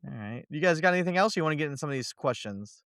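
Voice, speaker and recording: A man's voice: fairly high pitch, lively intonation, very fast, fairly bright tone, clear, resonant tone, no room sound, clean studio sound. A man from Kentucky co-hosting a podcast, telling wry, laid-back stories in casual chat. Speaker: podcast co-host.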